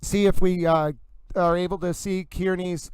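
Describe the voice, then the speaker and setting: Excitable high-voiced male livestream host. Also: moderate pace, clear, resonant tone, dry recording, rough recording. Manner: excited, addresses "ladies and gentlemen" constantly. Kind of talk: live commentary stream.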